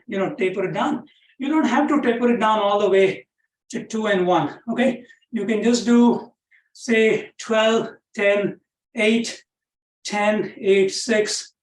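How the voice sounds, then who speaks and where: A man from South Asia coaches a workout class, counting off reps and praising the effort between sets. He talks in a chatty way and keeps checking in with "right?" and "okay?". His voice carries a roomy echo and sounds set back from the microphone. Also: high-pitched. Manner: counts reps aloud, encouraging, chatty with many "right?" tags. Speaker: fitness instructor. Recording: roomy echo, far from the mic.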